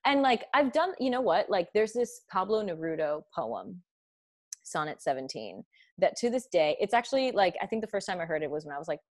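A woman's voice: on the low side, animated, a little fast, no room sound, studio quality. A young woman hosting a podcast in casual chat, effusive and swearing freely, laughing often. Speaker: podcast host.

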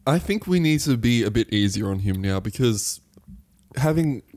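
A man's voice: mid-range voice, animated, normal speed, a little mellow. A young man co-hosting a casual podcast, easygoing and enthusiastic, teasing his co-host.

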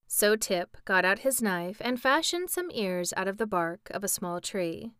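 A woman reading a children's book aloud in a calm, measured way. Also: mid-range voice, clean tone, no echo, clean studio sound. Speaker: storyteller.

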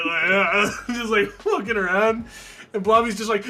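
A man's voice: high voice, brisk, sharp tone, soft background music. A man in casual gaming chat, rambling through stories and mocking himself as he laughs.

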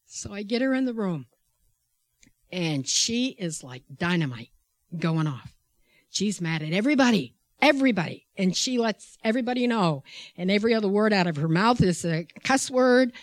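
A woman tells a personal faith story with animated expression. She breaks into laughter often and acts out the voices of the people in her story. Her voice is recorded close and dry, with no room echo. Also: mid-range voice, normal speed. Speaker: healthcare worker.

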